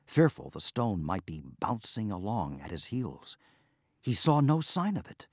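Man narrating a storybook: slow, lively, low-pitched. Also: husky, no room sound, studio quality. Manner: expressive, unhurried reading.

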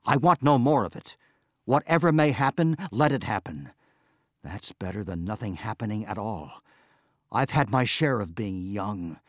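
A man's voice: fairly low pitch, lively intonation, moderate pace, dry recording, studio quality. Man voicing Mabon, frantic groaning farmer. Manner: groaning, cries out in rising outbursts. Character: distressed aging farmer, frantic and complaining.

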